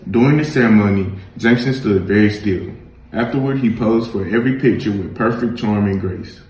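A man reading a children's picture book aloud in a gentle, measured storytelling manner. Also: on the low side, echoey room, rough recording. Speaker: reader.

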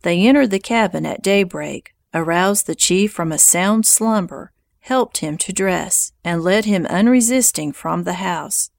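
A woman narrating a history audiobook in a measured, even reading. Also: lowish voice, gravelly, no room sound, studio quality.

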